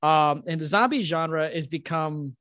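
A man's voice: fairly high pitch, measured pace, fairly bright tone, no echo, studio quality. A man hosting a podcast, talking in an eager, filler-heavy way and laughing often. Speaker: podcast host. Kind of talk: casual podcast chat.

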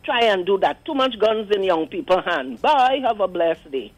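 A woman with a Trinidadian accent calling in to a radio show, animated and indignant, acting out the voices she quotes. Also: mid-range voice, normal speed, no echo, poor audio. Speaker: caller. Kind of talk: call-in radio commentary. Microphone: phone line.

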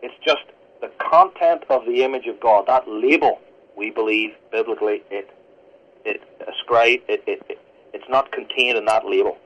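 Earnest pastor on lo-fi radio. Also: male voice, on the low side. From Northern Ireland. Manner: fast, earnest teaching delivery. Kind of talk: radio interview guest. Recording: lo-fi radio broadcast.

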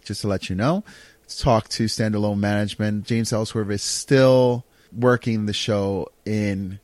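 A man co-hosting a casual wrestling chat, excitable and animated, quick to laugh. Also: fairly low pitch, dry recording. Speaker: podcast co-host.

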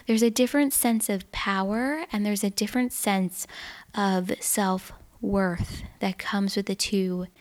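A woman's voice: mid-range voice, fairly even intonation, unhurried, darkish tone. Chatty young woman telling a story. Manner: chatty, filler-heavy, earnest and emotional. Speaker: podcast host. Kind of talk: casual storytelling monologue.

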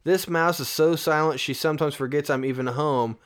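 A man's voice: a little high, fairly even intonation, a little fast. Jokey man reading reviews aloud. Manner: jokey, laughs often. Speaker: podcast co-host.

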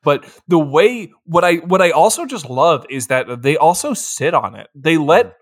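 A man co-hosting a casual film podcast, excitable and swearing, laughing often as he recaps his favorite moments. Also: a little high, measured pace. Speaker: podcast co-host. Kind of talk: casual movie recap chat.

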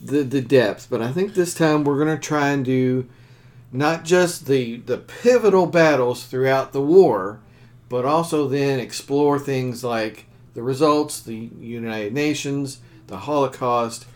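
A man co-hosting a history podcast, talking in a relaxed, conversational way with some restarts. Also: medium pitch, a little slow. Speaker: podcast co-host. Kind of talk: casual history chat.

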